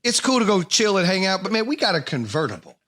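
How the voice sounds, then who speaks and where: A man's voice: sits high, sing-song, fast, very noisy. A man hosting a podcast, telling a story animatedly, acting out the voices of the people in it and laughing as he goes. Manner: acts out quoted voices, laughs often, swears.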